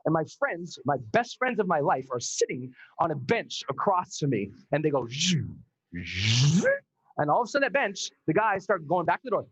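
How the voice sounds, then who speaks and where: A man giving an energetic storytelling talk at a live event, acting out scenes and shouting the dramatic parts. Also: fairly high pitch, a little fast, few pauses, husky, highs cut off. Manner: animated, acts out scenes and screams. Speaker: motivational speaker.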